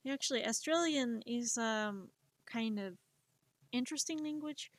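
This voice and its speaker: Slow-talking woman with a Spanish accent. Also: a little high, no room sound. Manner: rambling, self-deprecating, laughs often. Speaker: streamer. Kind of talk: casual chat while drawing on stream.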